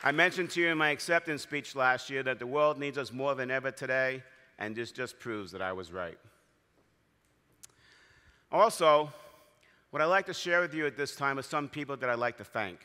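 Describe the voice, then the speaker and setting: A man's voice: medium pitch, moderate pace, pushed and bright. Guy giving a keynote speech, heartfelt storytelling, long echo in a big convention hall. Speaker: speakers association president.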